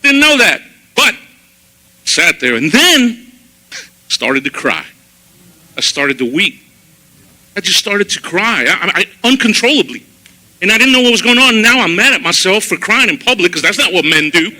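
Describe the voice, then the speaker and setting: Man doing church testimony, high and sharp-toned voice, animated storyteller. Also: moderate pace, long pauses, rough recording. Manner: animated storytelling, acting out his own past words. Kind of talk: personal testimony sermon. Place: church service.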